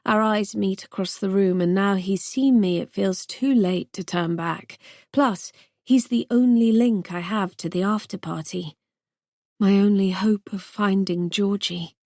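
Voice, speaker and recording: A woman narrating a first-person thriller audiobook in a tense, measured way. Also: lowish voice, darkish tone, no room sound, studio quality.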